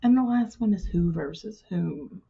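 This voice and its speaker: A woman with a husky, breathy voice and a gravelly edge explains grammar to her writing students, patient and plain-spoken. Her tone is mellow and dark, and she stretches out words she wants to stress. The recording sounds dull and lo-fi. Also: on the low side, animated, normal speed. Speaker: writing teacher. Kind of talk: recorded classroom lesson.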